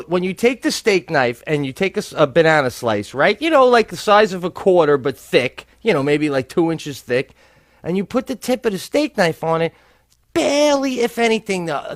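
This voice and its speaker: A middle-aged man co-hosting a comedy podcast, telling animated stories in casual chat with some swearing. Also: on the high side, dry recording, studio quality. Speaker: podcast co-host.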